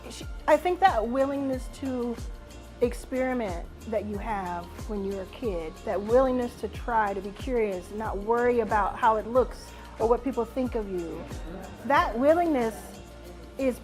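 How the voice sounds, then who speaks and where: A woman's voice: fairly high pitch, lively intonation, normal speed. A woman speaking on stage at a live event, playful and emphatic, calling out to the whole room. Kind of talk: energetic live talk to an audience. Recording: live hall with crowd and music behind.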